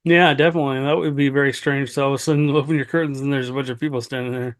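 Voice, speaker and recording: A man's voice: mid-range voice, steady tone, racing. A man hosts a podcast and asks his guest questions in a casual way. He reacts with short interjections and adds jokey asides. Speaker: podcast host.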